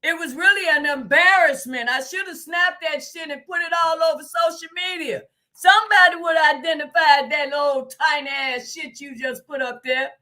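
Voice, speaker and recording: A woman hosting a live stream in casual chat, loud and exclaiming, laughing and swearing often. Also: sits high, moderate pace. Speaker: livestream host.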